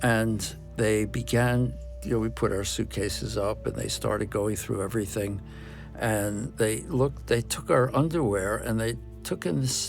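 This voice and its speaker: An older man, a photographer, telling animated stories in an interview and acting out quotes. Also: medium pitch, vocal fry. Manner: animated anecdotes, acts out shouted quotes. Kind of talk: storytelling in an interview.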